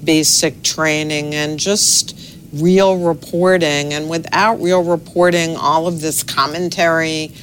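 A middle-aged woman, a newspaper's executive editor, answering interview questions in a measured, thoughtful way with pauses and fillers. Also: low-pitched, fairly even intonation, a little hiss or hum.

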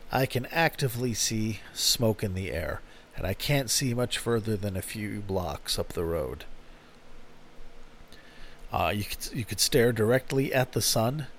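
Slow-talking casual male podcast host. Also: medium pitch. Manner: rambling and profane, with frequent "um"s. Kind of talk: casual spoken intro to a music podcast. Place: home in a smoky city.

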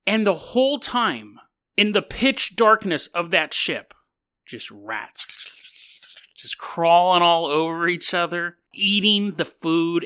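A man hosting a casual storytelling podcast, joking and laughing often as he talks. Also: on the high side. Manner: laughs often, jokey and animated. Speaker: podcast host.

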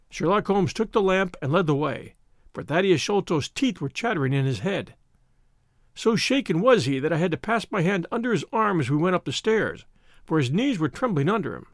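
Expressive male audiobook narrator. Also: high voice, brisk, no echo, clean studio sound.

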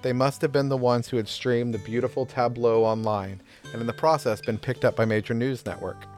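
A man narrating a story chapter in a steady, measured reading voice. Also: mid-range voice. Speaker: audiobook narrator. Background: faint guitar music.

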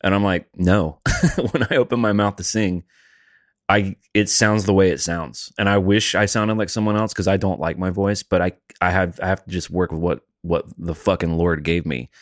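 A man with a low voice chatting casually about music, blunt and self-deprecating with loose swearing. The sound is dry and close, with no room around it. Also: steady tone, normal speed, dry recording. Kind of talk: casual chat.

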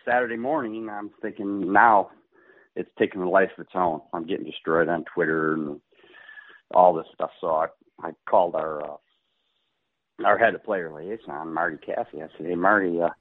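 A middle-aged pro golfer with a low-pitched voice tells a story casually at a moderate pace, heard over a phone-like radio line. He's animated, acts out the quotes, and laughs often.

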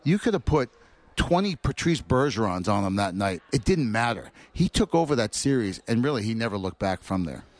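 A man, a former player, telling animated anecdotes as a guest. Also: on the low side, brisk. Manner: animated storyteller acting out quotes. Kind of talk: anecdotal storytelling.

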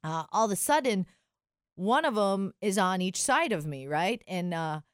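A woman's voice: medium pitch, lively intonation, normal speed, no echo, clean studio sound. A woman in her thirties telling a story in casual chat, acting out the people in it.

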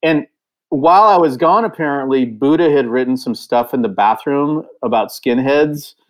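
A man's voice: mid-range voice, normal speed, low-quality recording. A man casually telling a rowdy touring story, swearing freely and filling his talk with "like" and "dude.". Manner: profane, animated, lots of "like" and "dude". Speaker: touring musician telling stories.

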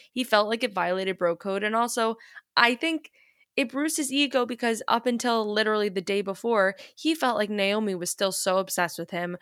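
A woman co-hosting a casual podcast, expressive and quick to act out what others said. Her voice sits at an ordinary middle pitch. It is recorded close and dry. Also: smooth, no echo. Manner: chatty and expressive, acts out quotes. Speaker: podcast co-host. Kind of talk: casual chat recapping a reality show.

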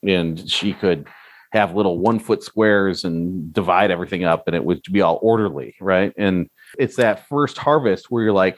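A man with a lowish voice hosts a relaxed podcast chat, bursting with enthusiasm and quick exclamations. The sound is dry and close, with no room echo. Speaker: podcast host. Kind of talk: casual podcast conversation.

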